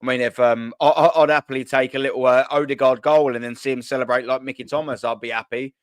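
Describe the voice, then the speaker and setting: Rambling cheeky bloke. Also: male voice, mid-range voice, steady tone, quick pace, no echo. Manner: chatty, rambling, cheeky banter with swearing. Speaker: host. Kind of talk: casual football chat stream.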